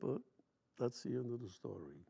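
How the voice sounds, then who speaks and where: A man's voice: medium pitch, expressive, moderate pace, creaky, warm tone, breathy edge. A man in his nineties, a war veteran, telling long stories from memory in plain, rambling, colloquial speech during an interview. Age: 90s.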